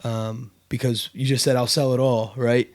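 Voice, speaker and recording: A man's voice: mid-range voice, level tone, normal speed. A man hosting a casual podcast chat, telling a story with lots of fillers and restarts. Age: adult with kids. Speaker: podcast host.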